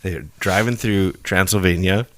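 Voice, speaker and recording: Low-voiced wry male podcast cohost. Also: normal speed, a little hiss or hum. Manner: wry quips, builds jokes with rising excitement. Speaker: podcast co-host. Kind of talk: casual chat, telling jokes.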